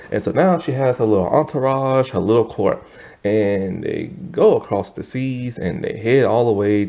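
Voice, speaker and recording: A young man casually recapping and reviewing a TV episode, rambling with lots of fillers and animated asides. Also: fairly low pitch. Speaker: TV review host.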